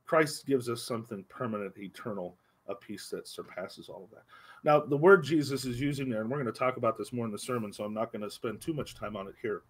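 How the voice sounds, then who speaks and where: Husky man teaching an adult Bible class. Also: mid-range voice. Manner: earnest, emphatic, slows down on key phrases. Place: church classroom. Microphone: livestream microphone.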